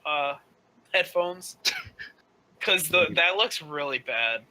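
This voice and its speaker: A man co-hosting a casual podcast chat, excitable and quick to blurt out his thoughts. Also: fairly high pitch, low-quality recording. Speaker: podcast co-host.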